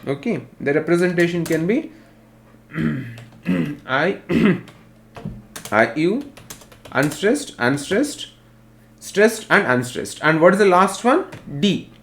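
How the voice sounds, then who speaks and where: A man's voice: a little high, very animated, takes it slowly, vocal fry, long pauses, a bit bright, slight background noise. A male teacher with an Indian English accent giving an online literature class, spelling out terms and repeating definitions.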